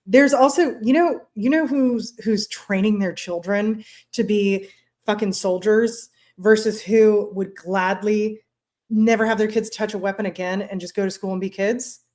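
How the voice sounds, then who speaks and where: A woman's voice: mid-range voice, fairly even intonation, darkish tone. A woman co-hosting a podcast in casual chat, blunt and sweary, acting out the people she retells. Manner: blunt, sweary, retells scenes in quick quoted voices. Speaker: podcast co-host.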